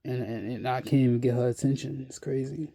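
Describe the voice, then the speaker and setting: A man speaking a casual monologue to camera, blunt and profane, sounding weary and worn out, halting and repeating himself often. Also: mid-range voice, steady tone, creaky, warm tone. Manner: slow, halting and repetitive, with many restarts. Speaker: vlogger.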